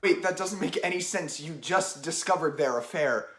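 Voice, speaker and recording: A man's voice: a little high, normal speed, a bit bright. A man voicing an awkward, hesitant young man in a student comedy play, stammering often.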